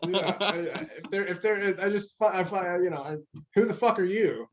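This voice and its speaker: A man's voice: sits high, moderate pace. A young man in casual podcast chat, blunt and swearing, with many stammered restarts. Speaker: podcast co-host.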